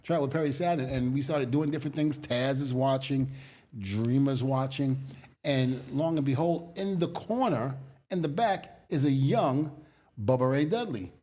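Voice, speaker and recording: A man telling stories in an interview, animated, acting out quotes and laughing often. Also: medium pitch, normal speed. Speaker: guest, former wrestler. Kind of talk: storytelling interview.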